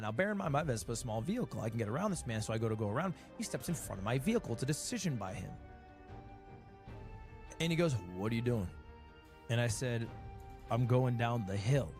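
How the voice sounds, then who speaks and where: Male streamer, late 20s, slightly high and very lively storyteller, wry. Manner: animated, wry storytelling with swings in pitch. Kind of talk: casual storytelling.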